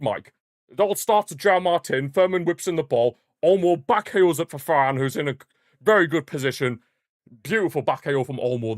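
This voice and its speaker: A young male fan commenting live on a football match for his stream, mid-pitched and chatty. He banters about the referee and rivals, then erupts into shouts at big moments. The sound is dry with no room echo. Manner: excitable fan, bursts into shouting at goals.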